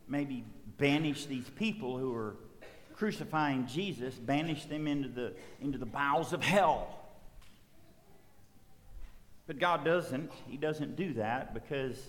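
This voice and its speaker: A man preaching a sermon as pastor, building emphasis through repetition. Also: medium pitch. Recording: long hall reverb.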